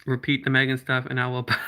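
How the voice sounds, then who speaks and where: A man hosts a casual livestream and talks straight to his viewers. He reads their comments aloud and answers them in a loose, chatty way. His voice is bright and forceful, in a middle pitch. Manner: slows down to spell out links. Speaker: livestream host.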